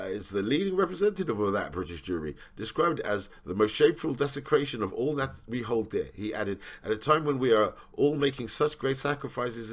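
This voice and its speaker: A man reading a news article aloud and commenting on it sarcastically, rambling and asking "right?" again and again. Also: mid-range voice. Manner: rambling, repeats "right?" for emphasis; sarcastic, questioning.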